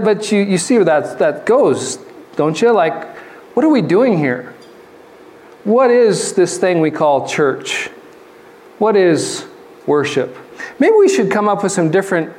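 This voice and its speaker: A male pastor with a slightly high voice preaching in a relaxed, conversational way. He tells jokey everyday stories and reads scripture slowly. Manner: deliberate scripture reading. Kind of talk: sermon.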